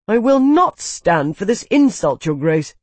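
A haughty young nobleman, as the audiobook narrator performs him, shrill and pitched well above the storyteller's own voice. He bristles with indignation and spits his words out hissing. The sound is dry and close. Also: big pitch swings, measured pace, husky, no echo. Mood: outraged. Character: arrogant haughty young male noble lord.

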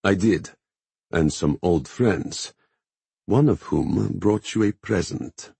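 A man reading the part of a calm, measured male revolutionary leader in an audiobook, with a wry edge. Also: low voice, vocal fry, slightly rough, dry recording, voice pushed up, heavily acted.

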